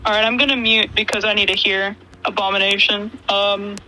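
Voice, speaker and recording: A man's voice: sits high, flat delivery, brisk, bright, forceful tone, rough recording. A man co-hosting a live stream, chatting casually in a teasing, blunt way.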